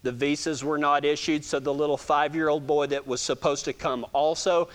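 High-voiced Texan man telling folksy stories. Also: level tone, moderate pace. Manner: folksy and self-joking, with frequent stammered restarts. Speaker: speaker addressing a gathering. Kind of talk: casual storytelling talk to an audience.

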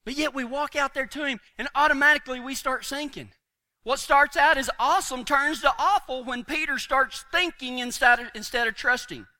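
A man's voice: very high voice, normal speed, pushed and bright. A man preaching a folksy sermon, telling stories with homespun humor and chuckles.

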